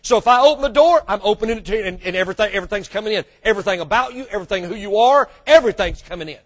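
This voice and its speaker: A man preaching a sermon as the church's pastor, swinging from loud bursts to hushed asides and calling out to the congregation. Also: sits high, expressive, very fast. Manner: calls out to the congregation for response.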